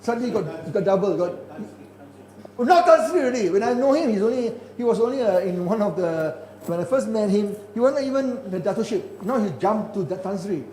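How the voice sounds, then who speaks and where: A man's voice: sits high, brisk, few pauses, mellow. An older man gives a conference keynote, speaking emphatically and often repeating or restarting words. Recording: echoey hall with faint ambience.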